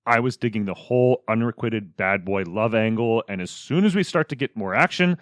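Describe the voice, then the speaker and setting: A man co-hosting a film podcast with a wry, teasing delivery. His voice sits low and swings about a great deal. He is recorded dry and close, with soft music underneath. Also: expressive, brisk, no room sound. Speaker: podcast co-host. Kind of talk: casual film review chat, partly scripted.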